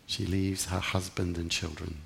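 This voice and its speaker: In a large hall, a man with a low, gravelly, slightly bright voice preaches at normal speed in a level tone. His sermon is earnest and reflective, rising with emphasis in the prayers he quotes.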